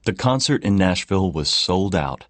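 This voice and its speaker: A man narrating an audiobook in a calm, even reading. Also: low-pitched, moderate pace, dry recording. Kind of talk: scripted narration. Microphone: close studio mic.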